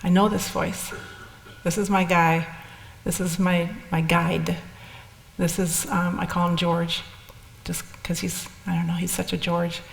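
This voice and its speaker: A woman's voice: lowish voice, flat delivery, unhurried, gravelly. An older woman telling her personal story in a candid, rambling way, with restarts and asides. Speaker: speaker sharing experiences. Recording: echoey hall with long reverb.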